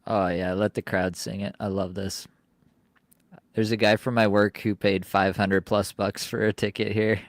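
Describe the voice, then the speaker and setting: A man's voice: on the low side, little pitch movement, normal speed, dry recording. A man co-hosting a live stream, chatting casually and laughing often as he reacts. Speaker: co-host.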